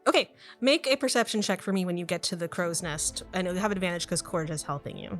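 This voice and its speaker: A woman's voice: fairly low pitch, lively intonation, fast talker, a bit bright, soft background music. A woman narrating as game master of a tabletop game, chatty and laughing often.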